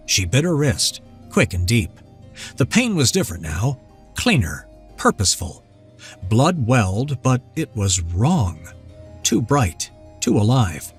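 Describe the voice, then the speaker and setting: A man narrating a scripted fantasy story in a measured, dramatic manner. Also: mid-range voice, big pitch swings, slightly rough. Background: soft background music.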